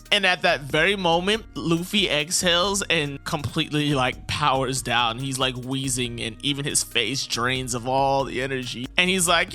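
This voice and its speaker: A man casually recapping and reviewing a manga chapter, animated and incredulous, laughing often, with background music. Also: on the high side, unhurried.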